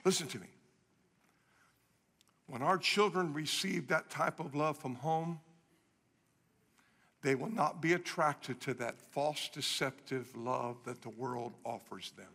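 Male preacher, middle-aged, high voice, animated, echoing sanctuary reverb. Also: measured pace. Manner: animated storytelling, repeats phrases for emphasis. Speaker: guest preacher. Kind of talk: sermon. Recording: long reverb of a large hall.

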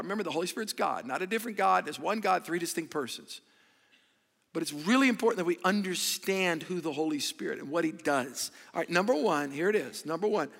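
Male pastor preaching, high voice, bright gravelly tone, echoey church hall, animated call-and-response. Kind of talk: sermon.

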